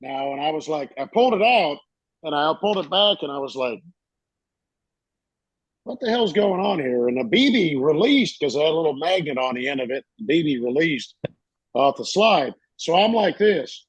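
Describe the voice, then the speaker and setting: A man, a podcast co-host telling a story in a casual, animated way and acting out the voices in it. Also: fairly high pitch, fairly quick, breathy edge, no echo, dull audio. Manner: animated, acts out voices in his stories.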